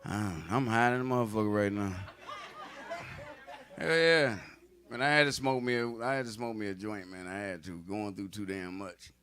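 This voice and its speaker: Bright-voiced, profane male stand-up comic. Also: lowish voice, moderate pace. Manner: loose, profane, conversational storytelling. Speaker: stand-up comedian. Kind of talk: stand-up comedy set.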